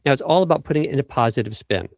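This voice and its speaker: Middle-aged male vocal coach, lively, acts out phrases, dry studio mic. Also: mid-range voice, racing, no room sound. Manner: animated, acts out example phrases. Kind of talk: conversational podcast interview.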